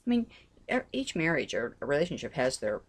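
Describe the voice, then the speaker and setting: Woman, middle-aged, lowish voice; earnest religious vlogger, pleading, repeats herself. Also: sing-song, fast, a little hiss or hum. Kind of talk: heartfelt personal talk.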